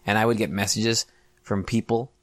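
On his solo podcast, this late-twenties man swears freely, mocks himself and laughs a lot while talking casually. He has a lowish voice with a flat delivery at a moderate pace, captured in studio quality without echo.

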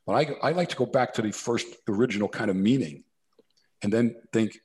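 A man's voice: lowish voice, brisk, darkish tone. A man from New Jersey, a corporate consultant, telling anecdotes as a guest in a casual interview, with lots of asides and restarts. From New Jersey, USA. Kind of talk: storytelling interview.

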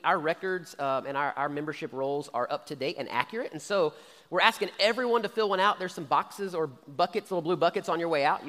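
Male pastor, high voice, chatty sermon delivery, recorded in a reverberant church. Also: fairly bright tone. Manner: conversational, frequent "okay?" and "right?" check-ins. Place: church sanctuary.

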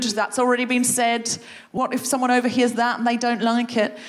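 A woman guest leading a playful creativity game for a live audience, encouraging and animated. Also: a little high, moderate pace. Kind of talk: live comedy podcast workshop. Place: stage before a live audience.

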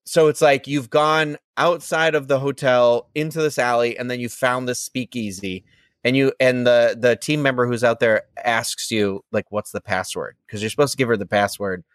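A man's voice: medium pitch, steady tone, normal speed, a bit bright, smooth, no room sound, clean studio sound. A man co-hosting a podcast, telling a story in a casual chat with lots of fillers. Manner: rambling, filler-heavy storytelling. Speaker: podcast co-host.

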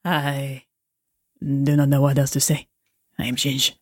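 A woman puts on a tall, hairy ginger tomcat in a tabletop game, awkward and halting, who can barely finish a sentence. The voice sits low and sounds dry and close. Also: fairly even intonation, warm tone, slightly rough, dry recording. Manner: halting, flustered, breaks into laughter.

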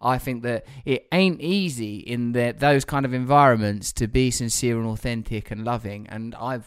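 British man, podcast host, mid pitch, rambling with lots of fillers, self-deprecating. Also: moderate pace, clear, resonant tone. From United Kingdom. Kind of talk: casual chat.

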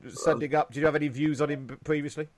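A man's voice: fairly high pitch, fairly even intonation, very fast, no echo. A man interviewing a cast, asking rambling questions with many restarts. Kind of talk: casual interview.

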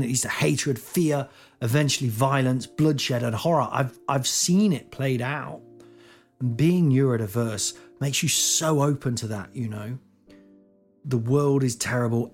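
A man's voice: medium pitch, a little mellow. A middle-aged man with a British accent, talking candidly and rambling in a personal monologue, with plenty of swearing and restarts. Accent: British English. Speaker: comedian guest speaker.

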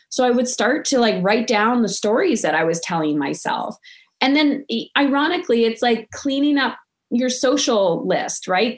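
A middle-aged woman in casual conversation, talking in a loose, reflective way with lots of fillers. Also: fairly high pitch.

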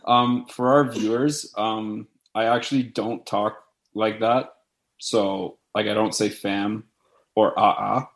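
A man's voice: fairly low pitch, steady tone, takes it slowly. A young man from Canada, co-hosting a casual podcast and telling a rambling story with lots of fillers. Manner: laid-back, rambling with many fillers. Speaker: podcast co-host.

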